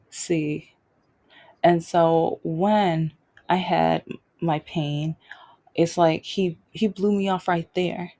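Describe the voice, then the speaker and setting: Gravelly-voiced woman telling her story. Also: fairly low pitch, steady tone, drawn-out words, dark tone. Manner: emphatic, repeats phrases for stress. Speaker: podcast host. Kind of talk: unscripted personal storytelling.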